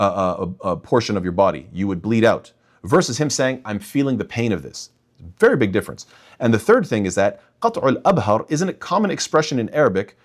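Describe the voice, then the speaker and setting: A young man talking straight to his listeners in an emphatic religious rebuttal, often calling them "guys". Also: lowish voice. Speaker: imam and apologetics speaker.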